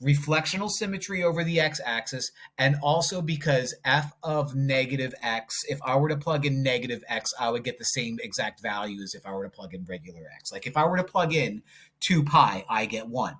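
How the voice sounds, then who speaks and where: A man's voice: medium pitch, fairly quick, fairly bright tone. A man teaching a math lesson on video, talking himself through each step as he draws graphs, with playful asides. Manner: jokey, talks to himself while working problems.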